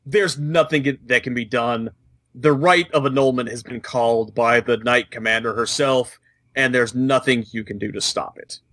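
A man co-hosting a casual gaming podcast, telling the story with animated jokes. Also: medium pitch, moderate pace, dry recording. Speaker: podcast co-host.

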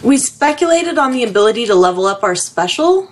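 Calm, steady woman chatting about games. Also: on the high side, a little fast, slight background noise. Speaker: podcast co-host. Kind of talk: casual gaming chat.

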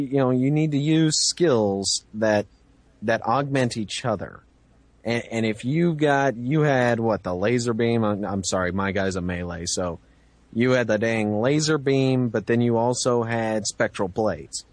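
A man's voice: medium pitch, unhurried, no echo. Teasing male podcast co-host, dry sound. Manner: teasing, laughing often. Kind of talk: casual chat.

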